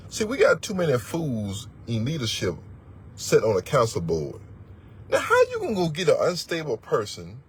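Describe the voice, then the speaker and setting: A man's voice: on the high side, a little hiss or hum. A man teaching as a religious elder, preaching in a blunt, profane, emphatic way and repeating words for force. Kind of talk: fiery sermon-style teaching.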